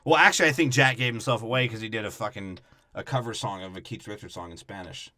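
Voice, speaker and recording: A man's voice: fairly low pitch, quick pace, sharp tone. A man co-hosting a podcast, riffing crudely on a movie in casual, profane banter. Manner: crude, joking, heavy profanity. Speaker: podcast co-host.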